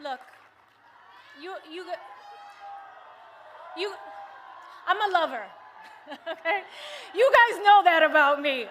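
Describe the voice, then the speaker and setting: A woman's voice: high-pitched, slow pace, pauses often, fairly bright tone, slight background noise. An American woman giving an impassioned, rousing speech at a big political rally, over a faint crowd. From United States. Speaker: campaign rally speaker. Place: large rally venue.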